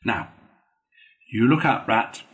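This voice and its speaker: A man's voice: medium pitch, expressive, slow pace, fairly bright tone, poor audio. A man reading a storybook, voicing a stern, knowing older male badger in a firm, warning manner.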